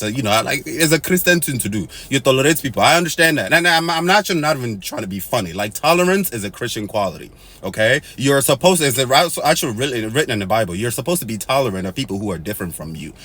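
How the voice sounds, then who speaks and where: A man from Nigeria talks straight to camera in a casual monologue. His voice sits at an ordinary pitch but swings widely, jumping to loud, high exclamations and then dropping to quiet, low asides. He drops Pidgin and Igbo phrases into his talk. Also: expressive, fast talker. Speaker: host.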